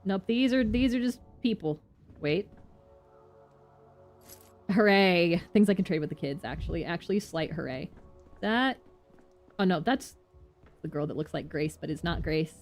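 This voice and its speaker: Excitable woman game streamer, lowish voice, light music under. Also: unhurried, pauses often. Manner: excitable chatty reactions.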